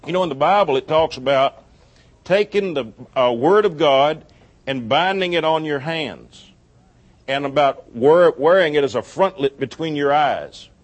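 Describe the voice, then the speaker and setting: Delivering a sermon, this middle-aged man shares a story from his own life, brings the quoted dialogue to life, and laughs at the jokes he makes. His voice is on the high side and his pace a little slow.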